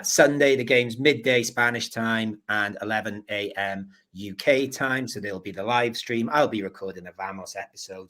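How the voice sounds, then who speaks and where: Low-voiced man hosting a podcast. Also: pushed and bright, rough recording. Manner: rambling, apologetic storytelling. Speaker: podcast host. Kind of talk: casual podcast chat.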